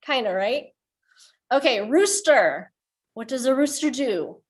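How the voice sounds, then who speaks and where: A woman leads a children's storytime from a webcam, reading each line slowly and clearly. Her voice sits a bit high and swings widely in pitch, playful and coaxing as she makes animal sounds with the children. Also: animated. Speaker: children's librarian.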